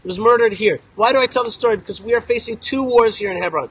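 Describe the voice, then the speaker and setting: A man's voice: sits high, quick pace, fairly bright tone, breathy edge, low-quality recording. A man speaking outdoors to a visiting group, telling stories with emphatic, joking, punchy repetition. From Israel. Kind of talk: animated storytelling talk to a group. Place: outdoors in a town.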